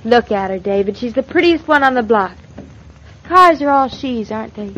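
An actress voicing a lively, teasing young wife in an old radio drama. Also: female voice, fairly high pitch, moderate pace. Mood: playful. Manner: bright, teasing and eager. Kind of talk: 1940s radio acting. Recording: muffled old radio transcription.

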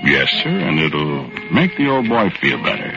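Folksy New storyteller; very low voice, muffled vintage broadcast. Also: male voice, sing-song, normal speed, exaggerated voice. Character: easygoing working man telling his story. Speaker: narrator and lead character. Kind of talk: 1940s radio acting. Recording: dull old radio recording with music.

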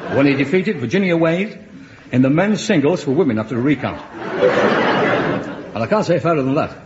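A male comedian clowning boisterously in a sketch before a studio audience. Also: on the high side. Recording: dull old TV audio with hiss.

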